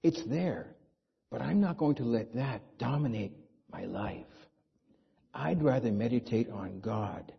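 A man's voice: mid-range voice, expressive, measured pace, vocal fry, breathy edge. A man preaching a sermon as pastor, talking conversationally and asking the congregation rhetorical questions. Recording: dull lo-fi sound.

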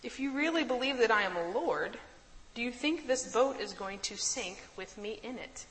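A woman voicing Jesus, calmly rebuking. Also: on the high side, moderate pace, in a large hall, a little hiss or hum, rough recording. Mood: gently rebuking. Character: Jesus, calm adult man gently rebuking.

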